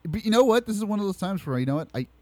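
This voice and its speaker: A man hosting a casual podcast, swearing, laughing often and slowing down to announce award results. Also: high voice, animated, darkish tone. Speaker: podcast host.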